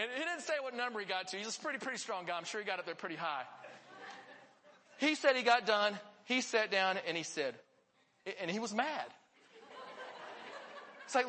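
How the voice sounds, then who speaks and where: This man's high, bright voice rings through a church hall with long reverb as he delivers a live sermon to his congregation. He tells stories earnestly and with animation, at a moderate pace with frequent pauses, over slight background noise.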